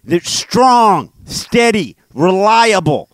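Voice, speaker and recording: Slow-talking, high-voiced podcast host. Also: male voice, big pitch swings, no echo. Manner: goofy, laughs at his own puns. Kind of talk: casual chat.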